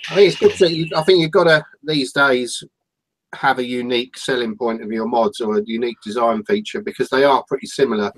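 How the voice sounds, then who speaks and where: A man co-hosting a casual chat show, speaking in a measured, thoughtful way. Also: mid-range voice, rough recording. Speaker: co-host.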